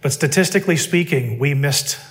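Emphatic preacher with a high voice. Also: male voice, a little fast. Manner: emphatic, full of rhetorical questions. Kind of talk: sermon.

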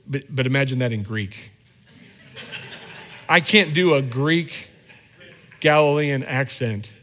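A man's voice: mid-range voice, slow, a bit bright. A male pastor giving a conversational sermon, often restarting and repeating words as he thinks aloud.

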